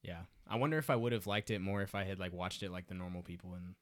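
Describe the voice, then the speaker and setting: A man's voice: low-pitched, fast talker. A young man chatting casually with friends on a podcast, laid-back and rambling, swearing freely. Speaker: podcast co-host. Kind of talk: casual chat among friends.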